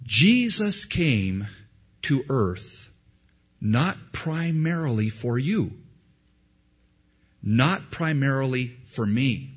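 A man preaching a sermon, swinging between loud emphasis and quiet asides. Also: medium pitch, husky. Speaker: pastor. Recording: dull lo-fi sound.

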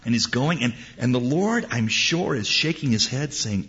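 Animated man preaching a story. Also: mid-range voice, moderate pace, few pauses. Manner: animated, repetitive restarts. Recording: dull lo-fi recording.

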